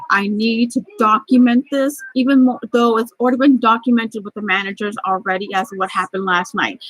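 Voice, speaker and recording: A middle-aged woman vlogs a rambling, angry story about her job, close to tears and restarting her sentences often. Her voice is slightly high, and the recording is dry and low in quality.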